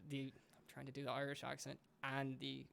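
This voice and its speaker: A young man hosting a casual podcast conversation in an ordinary middle pitch. His voice carries a lot of gravelly fry, and he rambles and joking circles through fillers and restarts. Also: completely flat delivery, normal speed, fairly bright tone. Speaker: podcast host. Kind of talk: casual chat.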